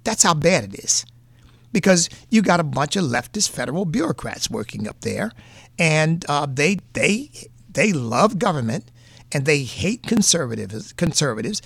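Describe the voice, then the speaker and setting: Gravelly earnest man with a New England accent. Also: fairly high pitch, very animated, normal speed, a bit bright, no echo. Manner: earnest, folksy, repeats points for emphasis. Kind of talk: political commentary monologue.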